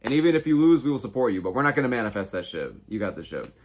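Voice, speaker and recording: A man's voice: mid-range voice, sing-song, rapid-fire, slight background noise. An American man in his twenties hosting a casual livestream, reading viewer comments and reacting with slangy, heavy swearing. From United States. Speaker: livestream host.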